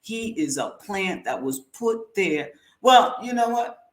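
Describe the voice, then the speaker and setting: Brief: woman host, slow-paced heated commentary, roomy echo. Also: medium pitch, expressive. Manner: blunt, heated and slangy. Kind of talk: opinionated commentary monologue. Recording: echoey room.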